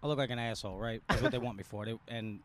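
A man's voice: mid-range voice, rapid-fire, fairly bright tone. A man from New Orleans with a New Orleans accent, a podcast guest telling stories in a laid-back, profane, slangy way, outdoors in a park. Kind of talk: casual storytelling chat.

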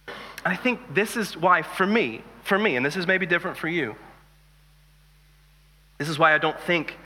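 Male pastor, 30s, chatty sermon delivery with jokes, slightly high voice, long reverb. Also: moderate pace, slight background noise. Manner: conversational, animated storytelling with jokes.

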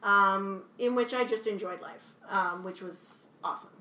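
A young woman from Canada chatting casually, animated and swearing freely, laughing often. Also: medium pitch, moderate pace, reverberant, slight background noise. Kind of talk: casual chat.

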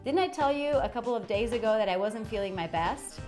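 A woman hosting a motivational podcast monologue, talking in a chatty way, often checking in with the listener and shifting her tone and inflection as she gets excited. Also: fairly high pitch, a little fast, faint music behind. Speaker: podcast host.

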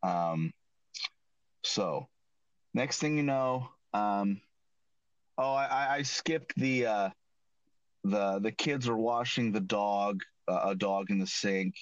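A man's voice: lowish voice, slow pace, long pauses, no echo. A man hosting a casual chat show, recapping an episode in a rambling way with many restarts and self-corrections. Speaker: podcast host recapping an episode. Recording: dull lo-fi dry recording.

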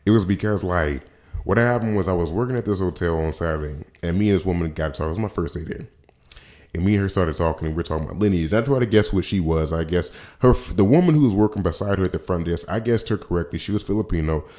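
A man's voice: low voice, fast, a little mellow. A man hosting his own podcast in a casual solo monologue, rambling with frequent restarts and slang asides. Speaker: podcast host.

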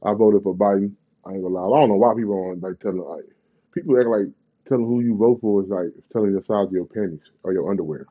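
A man's voice: mid-range voice, a little fast, dull audio. Profane rambling Bay man. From Bay Area, California. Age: 30s. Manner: profane, rambling, emphatic slang. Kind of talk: casual vlog rant.

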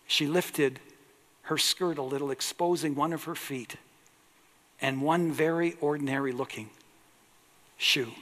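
A male pastor delivers a sermon in an earnest, emphatic way, stretching out the words he stresses. His voice sits a little high for a man, and he speaks slowly and deliberately. The sound carries a long reverb, like a large church hall. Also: a bit bright.

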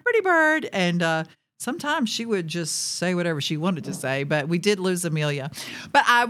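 Chatty woman podcast host, low voice. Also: a bit bright. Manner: chatty, lots of fillers and laughs. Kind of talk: casual storytelling. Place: studio.

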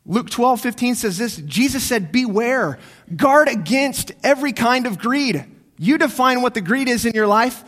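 High-voiced pastor preaching with dramatic swings. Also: male voice, animated. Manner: swings between hushed, slow reflection and raised, urgent exhortation; repeats key phrases for emphasis. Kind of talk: sermon. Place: church.

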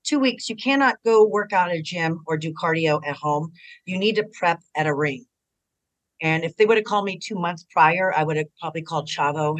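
A middle-aged woman, a retired pro wrestler, telling stories in a casual interview, animated and jumping higher when she quotes people. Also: fairly quick, poor audio.

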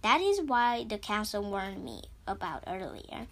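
A woman voicing a stern old male wizard teacher in a read-aloud storybook, shouting at first and then grave. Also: mid-range voice, very animated, a little slow.

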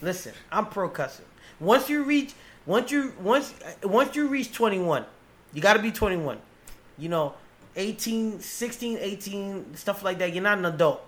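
Male podcast host, higher-pitched, animated and profane, stop-start casual delivery. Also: a little slow. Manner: animated, profane, restarts often. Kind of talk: casual chat.

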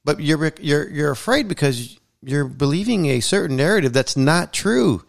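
A man's voice: fairly high pitch, lively intonation, moderate pace, gravelly. A man hosting a casual podcast chat, talking bluntly and emphatically and swearing freely. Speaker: podcast host.

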